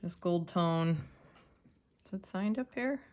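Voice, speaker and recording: A woman casually narrating a jewelry unboxing, soft-spoken and sometimes dropping to a whisper as she examines pieces. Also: on the low side, animated, takes it slowly, a little hiss or hum. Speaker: jewelry reseller.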